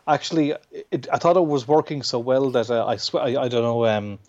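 A man's voice: medium pitch, steady tone, a little mellow. An Irish man, a comic book writer, talking casually in an interview, full of restarts and fillers. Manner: halting, many restarts and fillers. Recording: dull lo-fi sound.

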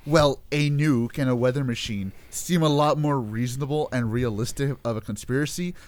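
A man's voice: medium pitch, normal speed, darkish tone. A man co-hosting a casual movie review podcast, often stammering and restarting, blunt and profane. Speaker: podcast co-host.

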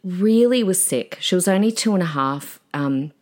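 A woman's voice: lowish voice, animated, moderate pace, a little mellow. A woman hosting a podcast on her own, chatting in a gushing way with lots of fillers and asides. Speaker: podcast host and preacher. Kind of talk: casual solo podcast chat.

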